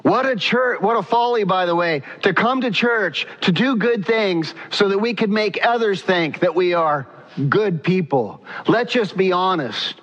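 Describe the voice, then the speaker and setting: A man's voice: sits high, a little slow, a bit bright, dull audio. A man preaching a sermon as pastor, emphatic, now and then acting out quotes.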